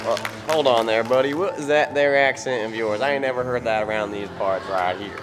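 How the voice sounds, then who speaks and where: A man's voice: medium pitch, fairly quick, music in the background, natural voice. A man playing a blustering cowboy saloon owner in a comedy skit, with a brash, bossy drawl. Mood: bewildered.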